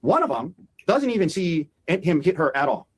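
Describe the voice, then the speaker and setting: A man, a defense attorney, delivering an animated opening statement to a jury and acting out quotes as he goes. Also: on the high side, breathy edge, rough recording. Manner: fast, animated, acts out quotes.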